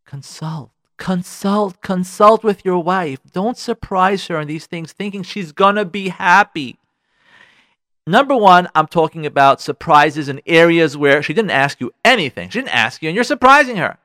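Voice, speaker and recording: A high-voiced man running a radio advice show talks at normal speed, delivering preachy, animated marriage advice broken up by little enacted scenes. Recorded in clean studio sound without echo.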